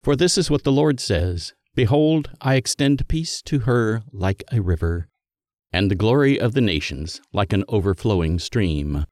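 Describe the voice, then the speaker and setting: A man giving a scripted liturgical Bible reading in a measured, solemn manner that lifts for quoted speech. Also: lowish voice, expressive, darkish tone, dry recording, studio quality. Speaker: scripture reader.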